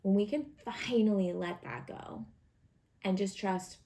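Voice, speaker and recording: Woman, tarot reader, casual and encouraging, gravelly fry, mid pitch. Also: a little slow. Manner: warm encouraging, chatty with many fillers and acted asides. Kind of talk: casual weekly tarot guidance.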